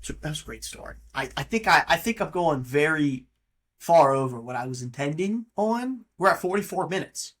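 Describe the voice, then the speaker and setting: A man hosting a podcast, telling a story in a mocking, profane and animated way. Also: fairly high pitch, moderate pace. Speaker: podcast host. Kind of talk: casual storytelling monologue.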